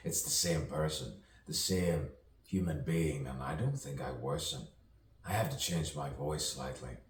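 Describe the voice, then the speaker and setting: A man with a very deep voice talking slowly through a playful, free-associating spoken-word monologue, rhyming as he rambles. He sounds set back from the microphone in an echoey room with faint ambience behind him. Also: loud music behind the voice. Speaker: self-styled poet and performer. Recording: roomy echo, distant from the mic, faint ambience.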